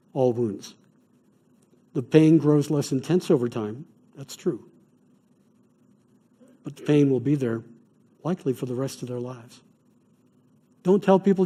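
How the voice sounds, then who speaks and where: A middle-aged man teaches a class as a chaplain, measured and earnest, weaving in stories from his work. His voice sits a little high yet sounds warm and mellow. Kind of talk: evening lecture on grief care. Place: classroom or church hall.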